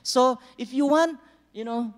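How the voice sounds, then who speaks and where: A man's voice: very high-pitched, unhurried. A man preaching a sermon as a pastor, conversational and joking with the congregation, acting out small dialogues. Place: church hall. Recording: long reverb of a large church hall.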